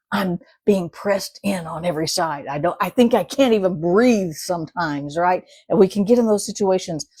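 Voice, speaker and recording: A middle-aged woman talks through a devotional in an easy, conversational way, often checking in with her listeners and voicing quoted prayers. Her voice is a little husky and breathy, at a middle pitch. The recording is dry and close. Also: dry recording. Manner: warm conversational, with frequent "right?" asides and dramatic quoted prayers. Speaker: devotional speaker. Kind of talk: casual devotional talk.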